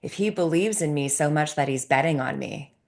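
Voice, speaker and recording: A middle-aged woman from Canada, a sports psychologist, telling a story in an interview with animated delivery and frequent laughter. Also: sits low, a little fast.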